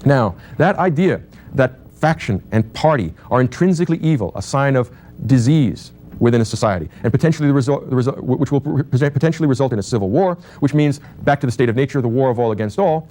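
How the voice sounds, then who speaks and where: A man's voice: medium pitch, expressive, fast talker, mellow. A man giving a university lecture on political theory, thinking aloud with restarts and asides.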